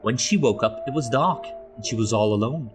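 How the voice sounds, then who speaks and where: A man narrating a children's storybook aloud, expressive, slow and gentle. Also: mid-range voice, music in the background.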